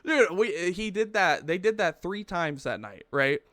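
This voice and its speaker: A man on a podcast spins a rambling story with a bright, tense edge and crisp, smooth delivery. He swears freely and trips over restarts. The sound is dry and close. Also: sits high, lively intonation, a little slow, no echo. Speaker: podcast co-host. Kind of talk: casual storytelling chat.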